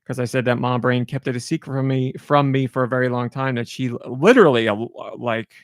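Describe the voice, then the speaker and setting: Gravelly, rambling male podcast host. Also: mid-range voice, fairly even intonation, quick pace, no echo, studio quality. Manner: rambling, self-deprecating, chatty. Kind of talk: casual solo podcast chat.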